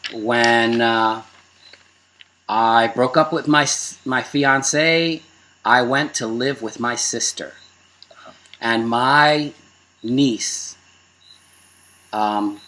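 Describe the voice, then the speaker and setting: A man with a Brooklyn accent, co-hosting a casual chat and telling animated stories with frequent laughter. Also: medium pitch. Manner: animated storyteller, laughs often. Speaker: co-host.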